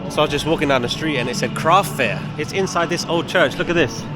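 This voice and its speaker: A man's voice: on the high side, quick pace, loud music behind the voice. A man filming a walking travel vlog outdoors on city streets, chatty and enthusiastic, often exclaiming at what he sees. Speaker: travel vlogger.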